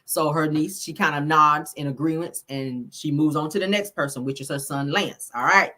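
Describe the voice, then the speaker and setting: A woman's voice: low voice, normal speed, bright, forceful tone. A woman hosting a casual live recap for viewers, telling the story in a chatty way and checking in with her listeners as she goes. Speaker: show recap host.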